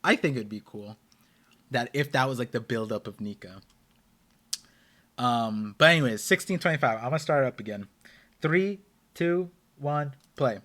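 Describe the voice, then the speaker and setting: A man hosting a live anime watch-party stream, reacting excitedly and chatting in a rambling way with his viewers. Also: mid-range voice, moderate pace, pauses often. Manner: excitable, rambling, talks to chat.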